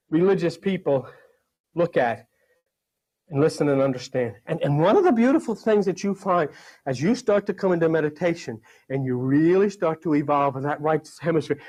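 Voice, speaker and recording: Guy preaching a sermon, voice jumps all over, punchy then drops real quiet, keeps going "see?". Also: fairly high pitch. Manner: emphatic, swings from loud to hushed, asks the listeners "see?". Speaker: spiritual teacher.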